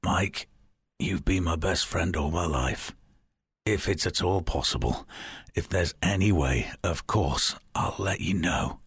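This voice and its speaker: A man playing a frail old friend, in his nineties, who speaks as a hoarse, hushed ghost. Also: very deep voice, slow, no echo, clean studio sound, heavily acted. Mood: weak whisper.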